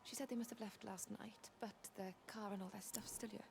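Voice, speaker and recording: In a story-driven video game, an anxious young Welsh mother played by a woman hurries her words in a hushed, gravelly voice. She talks fast, with a faint hiss of ambience behind her. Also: mid-range voice, steady tone, natural voice. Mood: worried.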